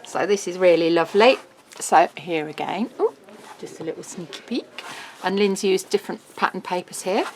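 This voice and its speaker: A woman's voice: on the low side, lively intonation, a little mellow, slight background noise. A middle-aged woman, presenting a craft album in a casual, bubbly walkthrough. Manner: chatty, bubbly, quick laughs.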